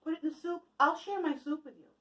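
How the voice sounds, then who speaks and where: A woman's voice: high-pitched, quick pace, fairly bright tone, voice pushed up. A woman voicing a tired, hungry male traveler who politely asks for food and coaxes villagers to share. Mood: coaxing. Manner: polite, coaxing. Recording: echoey room from a distance.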